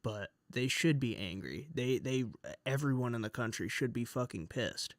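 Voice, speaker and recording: A man's voice: mid-range voice, animated, moderate pace, no echo, studio quality. A man streaming, ranting with angry, profane exasperation as he reads news aloud. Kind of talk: casual ranting commentary while reading news aloud.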